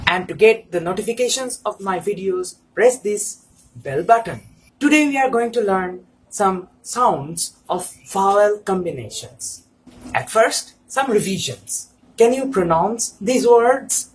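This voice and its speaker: A woman teaching French in English, spelling out words letter by letter in a slow, deliberate manner. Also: mid-range voice, expressive, breathy edge, low-quality recording. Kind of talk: language lesson.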